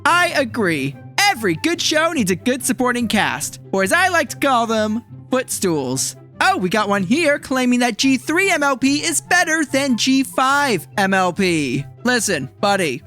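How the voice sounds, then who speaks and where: Man putting on a smug scheming TV host, theatrical, gloating, lively pitch. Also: full character voice. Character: smug scheming male reality-show host.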